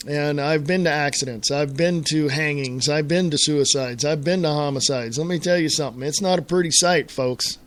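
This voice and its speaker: A man's voice: a little high, normal speed, hardly any pauses, fairly bright tone. A middle-aged American man hosting his own internet radio talk show alone, ranting in an exasperated way and often repeating and restarting his words. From United States. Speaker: host.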